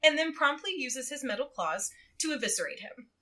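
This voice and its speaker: A woman guesting on a podcast, recapping a book in casual chat, animated and giggly as she tells it. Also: sits high, brisk, faint music behind. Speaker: guest co-host.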